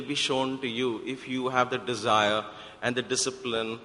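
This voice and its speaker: A man's voice: medium pitch, flat delivery, moderate pace, sharp tone. A man giving a sermon-style talk at a spiritual center, telling a parable with emphatic rhetorical questions. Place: devotional center hall. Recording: hall with long reverb.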